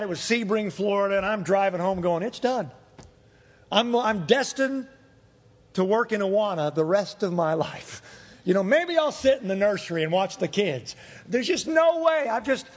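A middle-aged male pastor preaching a sermon, telling personal stories in an animated way. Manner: animated storytelling with shifts in pitch. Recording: long hall reverb.

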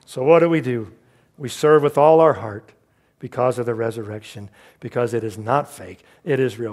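A man preaching a sermon as pastor, swinging from emphatic calls to quiet asides and light jokes. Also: mid-range voice, normal speed.

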